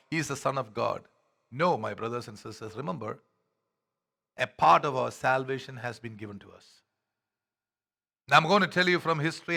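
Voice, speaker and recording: Gravelly, bright-toned pastor preaching. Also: male voice. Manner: preaching, swinging from loud proclamation to low hushed phrases; rhetorical questions to the congregation. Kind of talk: sermon.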